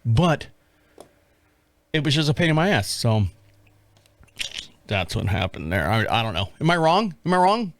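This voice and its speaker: At a moderate pace with long pauses, a profane podcast host in his fifties tells a rambling solo story from his rural life. He acts out his own shouting in a high, loud voice, over a little hiss or hum.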